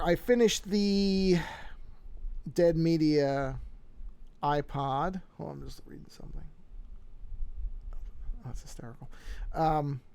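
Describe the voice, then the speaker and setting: Gravelly-voiced man rambling on a livestream. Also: mid-range voice, a little mellow. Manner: rambling, self-interrupting, repeats words. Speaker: streaming artist. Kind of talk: casual livestream chat. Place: home office at his desk. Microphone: desk microphone.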